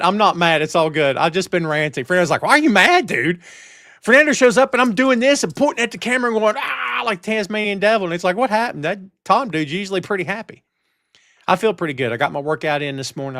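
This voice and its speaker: Brief: middle-aged male stream host, fired-up casual chat, high voice, dry close mic. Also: no room sound. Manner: animated, ranting, talks straight to the chat. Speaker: wrestling show host. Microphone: headphones and studio mic.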